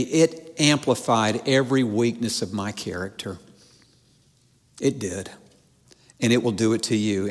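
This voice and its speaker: A man preaching from the pulpit in a mid-pitched voice, earnest and insistent, often repeating a word two or three times as he builds a point. His voice carries a long reverb that trails through a large church hall. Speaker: pastor. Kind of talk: sermon.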